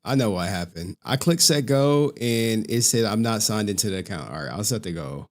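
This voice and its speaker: A man's voice: lowish voice, expressive, brisk. A man hosting a livestream, chatting casually and rambling to his viewers with frequent laughs. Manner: rambling, laughs often, talks to chat. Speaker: livestream host. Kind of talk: casual stream chat.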